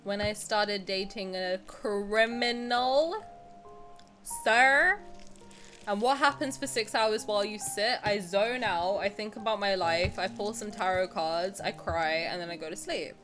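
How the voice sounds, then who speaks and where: A woman's voice: mid-range voice, measured pace, hardly any pauses, soft background music. Chatty, swearing young woman streamer. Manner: chatty, candid and joking, swears freely. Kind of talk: casual live-stream chat while gaming.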